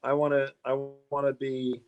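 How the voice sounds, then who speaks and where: A middle-aged man chatting as a guest on a car podcast, voice sitting at an ordinary pitch. He tells his stories loosely, laughing often and tripping over restarts as he goes. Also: monotone, moderate pace, clear, resonant tone, lo-fi sound, faint music behind. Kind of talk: casual interview storytelling.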